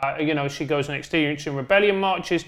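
A man, a podcast guest in animated, joking casual chat. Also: a little high, fairly quick. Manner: animated, joking, rambling with restarts.

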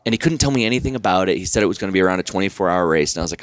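Deep-voiced man telling a story. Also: racing, hardly any pauses. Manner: animated, laughs often, many fillers and restarts. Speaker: podcast guest. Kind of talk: casual storytelling.

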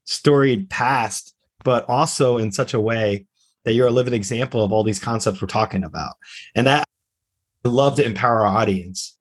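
A man hosting an interview podcast, praising his guest at length and wrapping up the episode with frequent restarts. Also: medium pitch. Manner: warm, effusive praise with filler restarts. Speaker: podcast host.

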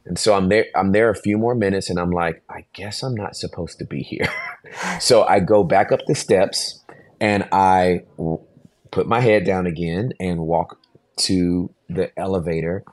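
A pastor in his forties, appearing as a podcast guest, tells a story animatedly, acting out voices and laughing often. His voice is deep and a little slow, with no room sound.

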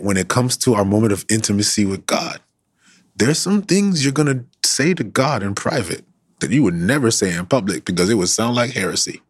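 A man preaching an impassioned sermon, repeating phrases and building from soft to loud. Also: lowish voice, breathy edge, no echo, studio quality.

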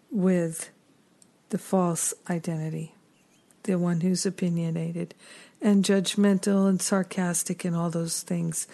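A middle-aged woman hosting a reflective spiritual teaching talk, earnest and unhurried, with gentle self-deprecating asides. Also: fairly low pitch. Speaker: spiritual teacher and podcast host.

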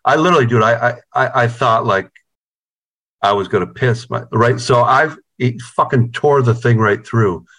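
A guitarist telling stories in a casual interview over a video call, rambling and swearing constantly. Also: male voice, medium pitch, normal speed, a bit bright. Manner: rambling, profane, heavy on "you know". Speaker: guitarist in a band.

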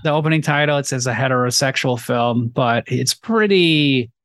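A man's voice: mid-range voice, normal speed, a bit bright, dry recording. Young man, casual movie podcast, rambling, filler-heavy, dry close sound. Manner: rambling, filler-heavy, film-buff references. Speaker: podcast co-host. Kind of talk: casual movie review chat.

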